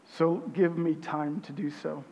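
A man preaching a sermon as pastor, reading scripture with emphasis, his voice swelling loud and then dropping quiet. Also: on the high side, steady tone, a little slow, long reverb tail.

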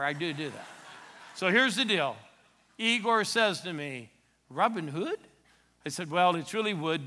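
A middle-aged man preaching a sermon in church, telling stories with sudden swings between loud exclamations and soft asides. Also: on the high side. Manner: animated storytelling with sudden loud and soft turns. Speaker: pastor.

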